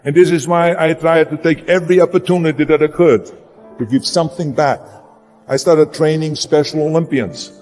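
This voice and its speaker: German-accented guy pumping up a crowd, slightly high voice, booming hall reverb and music under him. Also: steady tone, moderate pace, darkish tone. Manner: emphatic, repeats for punch. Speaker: motivational speaker. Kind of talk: motivational speech.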